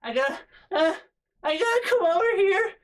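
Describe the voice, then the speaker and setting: A man voicing an adult woman who whines tearfully and insists on being cared for, petulant and loud. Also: very high voice, animated, moderate pace, far from the mic, pitched above the performer's own voice. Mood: whiny.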